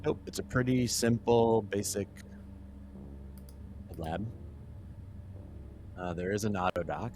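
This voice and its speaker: Deep-voiced man running a tabletop game. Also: slight background noise. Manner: relaxed, halting narration with fillers. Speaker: game master.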